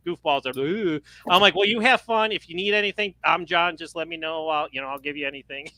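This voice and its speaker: A man co-hosting a podcast, telling a story in a casual, sarcastic and animated way, often laughing. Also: a little high, fast, no room sound. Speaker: podcast co-host.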